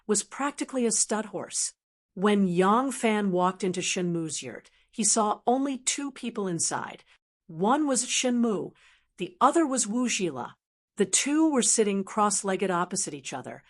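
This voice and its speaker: A woman narrating an audiobook at a steady, even pace. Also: mid-range voice.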